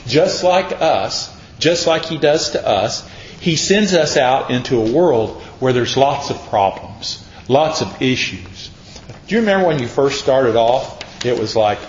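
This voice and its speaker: A man's voice: fairly high pitch, lively intonation, unhurried. A man preaching a sermon, dramatic and acting out voices from the Bible. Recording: echoey room, dull sound.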